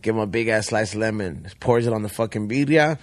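Fast-talking, slangy podcast host man. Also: fairly low pitch. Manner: fast, slangy, profane chatter. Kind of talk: casual chat.

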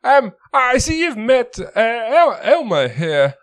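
A man putting on a high, stammering knight. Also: very animated, exaggerated voice. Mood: flustered. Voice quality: halting, stammering.

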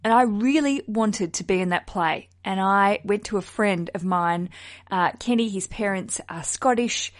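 A woman from Australia hosting a podcast in casual chat, frank and expressive, swearing casually. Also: mid-range voice, measured pace. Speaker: podcast host.

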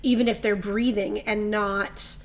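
A woman in her thirties co-hosting a podcast, chatting excitably and gushing. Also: mid-range voice, unhurried, a little hiss or hum. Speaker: podcast co-host. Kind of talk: casual chat.

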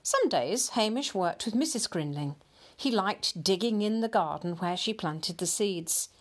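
A woman reads a children's storybook aloud, taking her time over each line. Her voice rises and falls in a lively, sing-song way. The telling stays gentle and steady. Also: mid-range voice. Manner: slow, expressive read-aloud.

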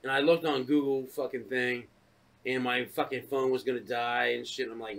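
A man co-hosting a casual podcast chat, telling stories full of swearing and acting out his own shouting. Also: mid-range voice, normal speed, a little hiss or hum. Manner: profane, animated storytelling, acts out shouting. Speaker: podcast co-host.

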